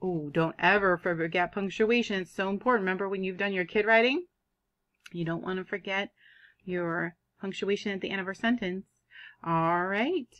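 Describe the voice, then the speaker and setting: A woman teaching a kindergarten reading lesson, sounding out words in an animated, drawn-out way. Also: mid-range voice, muffled recording. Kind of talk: online phonics lesson for young children.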